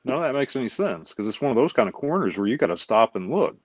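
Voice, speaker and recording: A man hosting a casual talk show, telling stories in an animated, profane way and acting out quotes. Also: mid-range voice, fast, no echo. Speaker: show host. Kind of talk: casual chat. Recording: dull lo-fi sound, dry.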